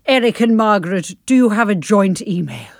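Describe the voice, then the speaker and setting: Woman playing a bossy psychic author, theatrical and exasperated; lively, slightly high voice, dry mic. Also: fairly quick, gravelly, no echo. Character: self-important woman psychic author, brash and impatient. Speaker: podcast host. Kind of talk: improvised comedy podcast.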